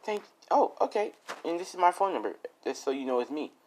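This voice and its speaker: Man putting on a flustered young woman, high and hurried, casual fan story. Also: big pitch swings, a little mellow, slight background noise.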